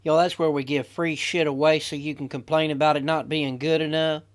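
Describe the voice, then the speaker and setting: A man opens his podcast with folksy jokes and a drawl. His nose sounds stuffy from sinus trouble. His voice sits a little higher than usual for a man. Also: level tone, brisk, smooth. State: congested sinuses. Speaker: podcast host. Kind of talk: casual podcast intro.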